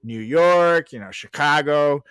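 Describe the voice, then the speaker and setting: A man's voice: fairly high pitch, a little slow, fairly bright tone, clean tone, dry recording, studio quality. A man co-hosting a podcast, chatting casually, rambling, laughing often and swearing freely. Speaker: podcast co-host. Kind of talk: casual chat.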